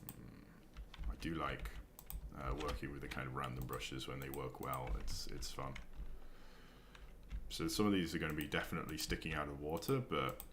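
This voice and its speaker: A young man with a bass voice streams a video game, chatting casually while he builds, rambling and thinking aloud with plenty of ums. His intonation is fairly even, his pace normal with frequent pauses, and there's background noise including faint keyboard clicks and typing.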